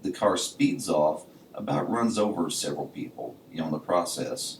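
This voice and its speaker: This podcast co-host's voice sits low and creaky, swinging widely in pitch at a moderate pace. He tells stories in casual conversation and can't stop saying "you know." A distant mic in an echoey room picks him up, along with slight hiss or hum.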